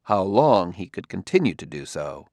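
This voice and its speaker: A male audiobook narrator with a low voice reading in a measured, even way. The recording is dry and close. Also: no echo. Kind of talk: scripted narration.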